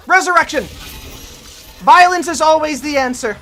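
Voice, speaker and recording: High, bright-voiced excitable woman streamer. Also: a little slow. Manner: excitable, yells and curses at enemies, cheers. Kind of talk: live gameplay commentary.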